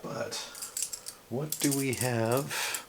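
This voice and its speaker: A man's voice: mid-range voice, extremely slow. A man hosting a casual unboxing video, talking enthusiastically and rambling with lots of fillers. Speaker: toy unboxing vlogger. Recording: background noise from handling packaging.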